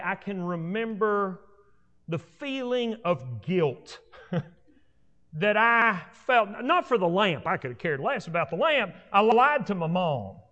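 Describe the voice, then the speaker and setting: A man preaching a sermon in an animated way, often repeating and restarting phrases for emphasis, as a preacher before a congregation. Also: high voice, highs cut off. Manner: animated, repetitive restarts, rising emphatic delivery. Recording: long hall reverb.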